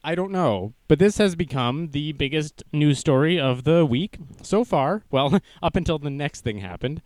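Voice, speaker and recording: A man's voice: a little high, lively intonation, moderate pace, darkish tone, dry recording. A young man hosting a casual livestream news show, joking and self-deprecating as he goes. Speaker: news stream host.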